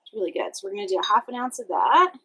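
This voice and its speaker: A young woman from Louisiana with a clear, bright voice hosts a relaxed cocktail-making show. She chats cheerfully to the viewer while she works. She sounds like she is in a home kitchen. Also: medium pitch, racing, low-quality recording. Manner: chatty and upbeat, talking to the viewer while mixing. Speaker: cooking show host. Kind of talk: casual cocktail demonstration.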